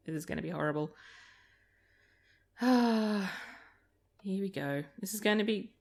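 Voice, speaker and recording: Taking it slowly, a gaming video creator with a medium-pitched, expressive voice offers laid-back let's-play chatter. She drifts through anecdotes and often breaks into laughter.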